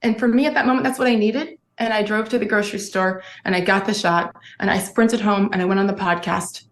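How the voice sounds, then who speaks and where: A woman's voice: mid-range voice, fairly even intonation, brisk, reverberant. A middle-aged woman, an interview guest, telling her story earnestly and emotionally, often restarting her sentences. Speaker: guest, former sportscaster.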